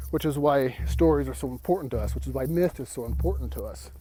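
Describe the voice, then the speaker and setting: A man teaching an esoteric lesson while walking outdoors, slightly out of breath, halting and restarting his words. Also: mid-range voice, dark tone, husky, dry recording. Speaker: esoteric mystery school teacher. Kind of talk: rambling spoken lesson.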